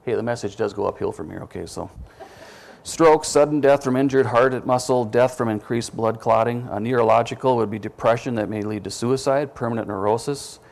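Male preacher, gravelly, conversational sermon delivery that quizzes the congregation with questions. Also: mid-range voice, brisk, a little mellow. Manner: self-deprecating asides.

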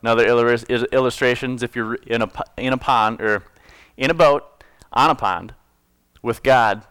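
Preaching casually to his congregation, a man reads scripture and talks it through with jokes and self-corrections. His medium-pitched voice is fairly bright and smooth at a moderate pace, with no room sound.

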